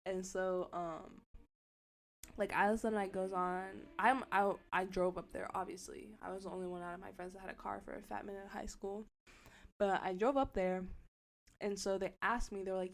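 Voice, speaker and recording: A young woman on a casual podcast, telling a story with animated energy. She acts out each person's lines and swears freely, speaking at a middle pitch. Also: normal speed. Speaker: podcast co-host.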